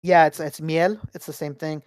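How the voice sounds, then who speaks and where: A podcast co-host telling a story in an animated, casual way with plenty of swearing. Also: mid-range voice, moderate pace. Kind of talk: casual chat.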